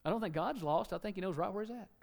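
A man preaching a sermon, animated, acting out quotes and joking with the congregation. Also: sits high, very fast, creaky, long reverb tail.

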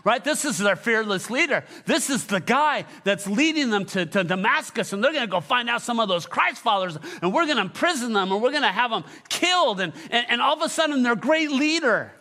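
A male pastor preaching a sermon with energetic, animated storytelling and frequent prompts to the congregation. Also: extremely high pitch, fairly quick, few pauses.

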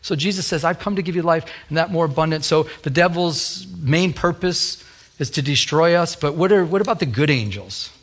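A man's voice: a little high, fairly quick, a bit bright. A middle-aged man, a pastor, preaching a sermon with a fervent, repetitive cadence.

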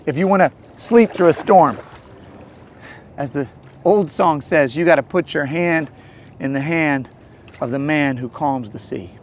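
A man giving an earnest, storytelling sermon outdoors by a lake, swinging between loud and soft passages. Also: a little high, measured pace, pauses often, a little hiss or hum. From St. Louis area. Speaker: pastor.

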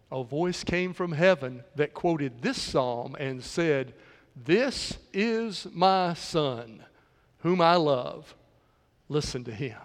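High-voiced man preaching in a reverberant hall. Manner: preaching with dramatic pauses and shifts between loud and soft. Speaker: pastor. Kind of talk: sermon.

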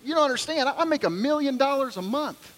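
A man voicing a relaxed, self-assured rich castaway who calmly explains himself. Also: extremely high pitch, fast, voice pushed up. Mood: smug. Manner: calm, self-satisfied.

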